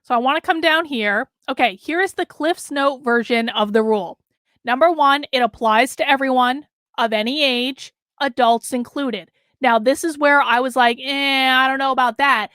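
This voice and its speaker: A woman's voice: sits high, moderate pace, a bit bright, no room sound, studio quality. A woman hosting a live commentary stream, emphatic and losing her voice, reading out and answering chat. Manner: emphatic, talks with her hands. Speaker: host.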